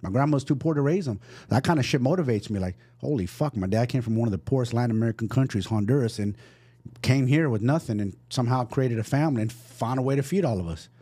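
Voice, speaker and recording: A man from San Francisco hosts a casual podcast, talking fast in a dark, mellow voice. He is blunt and profane, with a push-yourself motivational drive. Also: mid-range voice, lively intonation, husky. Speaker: podcast host.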